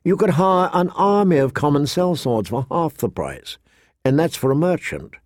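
A man's voice: on the high side, big pitch swings, normal speed, dry recording. A man voicing a calculating courtier with a dry, complaining manner. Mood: wry. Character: wry calculating male courtier.

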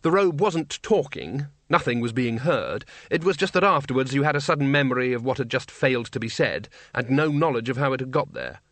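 Dry, measured male audiobook narrator. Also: mid-range voice, expressive, fairly bright tone, no echo.

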